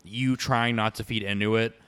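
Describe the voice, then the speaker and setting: A young man with a smooth, resonant voice rants in casual conversation with a friend. He swears constantly and gets animated and loud as he vents his frustrations. His tone is heated and exasperated throughout. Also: fairly low pitch, normal speed. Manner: profane, ranting, animated. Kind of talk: casual chat.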